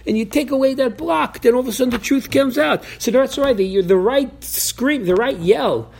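A man's voice: extremely high pitch, normal speed, creaky, a little mellow, a little hiss or hum. A man giving an informal Torah class, talking animatedly, acting out voices from the story, and often restarting his sentences. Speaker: Torah teacher.

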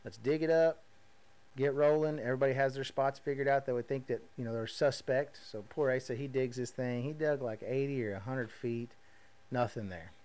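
A man's voice: medium pitch, fairly quick. A man in his thirties with a drawl hosts his own show. He talks casually and folksy, full of energy and side remarks. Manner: folksy, energetic storytelling with frequent asides. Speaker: podcast host. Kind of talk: casual monologue.

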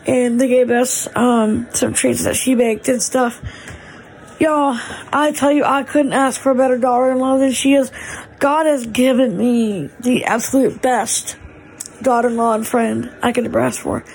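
High-voiced mom, gushing. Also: female voice, steady tone, normal speed, a little mellow, a little hiss or hum, low-quality recording. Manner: gushing, chatty, with fillers. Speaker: mother and family vlogger. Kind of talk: casual home vlog. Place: family home.

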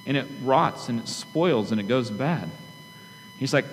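A pastor preaching a sermon to his church in an earnest, conversational way, often turning to the congregation with quick asides. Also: medium pitch, lively intonation. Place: church sanctuary. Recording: long hall reverb with faint hum.

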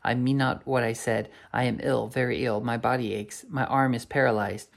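A pompous ancient king, as a man reads him aloud in a storybook. He talks in grand archaic phrases, and the voice is gravelly and creaky. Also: medium pitch, steady tone, normal speed, close to an everyday voice. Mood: shaken. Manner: archaic, self-important speech.

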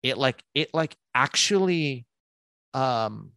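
A man, a podcast guest telling a story in a casual, animated way, full of fillers and restarts. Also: medium pitch, vocal fry, clean tone, dry recording, studio quality. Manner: animated, quick bursts with many fillers and restarts.

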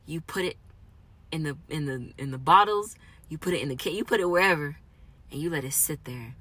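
A woman in a raw, emotional personal monologue, moving between quiet reflection and angry outbursts. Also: sits low, brisk, long pauses, breathy edge, dry recording.

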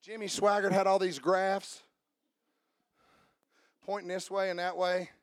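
Male pastor in his forties, high voice, dry close sound; preaches with shouted peaks and soft asides. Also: little pitch movement, unhurried, no room sound. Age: 40s. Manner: shouting and half-singing at climaxes; quiet conversational storytelling. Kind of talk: sermon. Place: church.

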